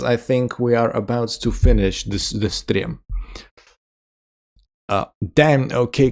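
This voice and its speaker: A man streaming live and chatting casually with his viewers, reading their comments aloud and answering them. His voice sits at an ordinary pitch with a gravelly, creaky texture. He jokes around and laughs often. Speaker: chess streamer.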